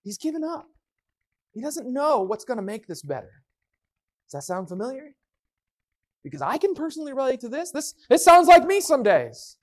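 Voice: high-pitched, sing-song, normal speed, pauses often. A preacher giving a sermon with a Bible reading, speaking emphatically and acting out the voices in the quotes.

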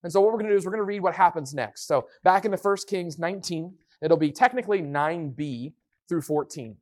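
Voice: mid-range voice, a little fast, a little mellow. A preacher giving a sermon with a Bible reading, speaking emphatically and acting out the voices in the quotes.

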